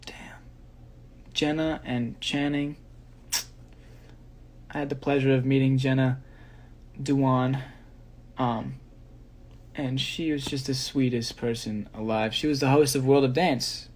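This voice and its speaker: Relaxed young man chatting on a live stream. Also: medium pitch, measured pace, pauses often, a little hiss or hum. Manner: relaxed, rambling, reads questions aloud. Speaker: dancer answering fans. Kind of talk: casual live-stream chat. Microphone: phone.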